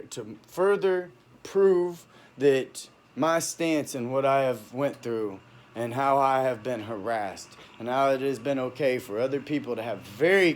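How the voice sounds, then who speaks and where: A man telling his own story into a phone in a halting, heated monologue, full of restarts and trailing off. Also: mid-range voice, a little hiss or hum. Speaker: vlogger recounting a personal dispute. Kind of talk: unscripted personal monologue.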